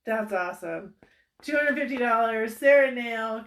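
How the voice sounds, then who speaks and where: A woman's voice: on the high side, unhurried, a bit bright. A woman hosting a casual livestream chat with a bubbly, laughing, rambling storytelling manner. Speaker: host. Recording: echoey room.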